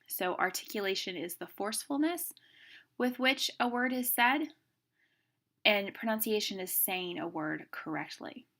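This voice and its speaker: Woman, speech instructor, bright forceful tone, quick classroom lecture, emphatic inflection. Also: medium pitch, lively intonation. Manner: brisk, emphatic teacher with demonstrative inflection.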